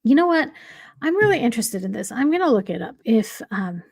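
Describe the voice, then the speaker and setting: High-voiced woman reading chat comments. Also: very animated, brisk, vocal fry, darkish tone, husky, dry recording, clean studio sound. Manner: reads comments aloud with frequent laughter. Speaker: livestream host. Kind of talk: casual livestream chat, reading viewer comments.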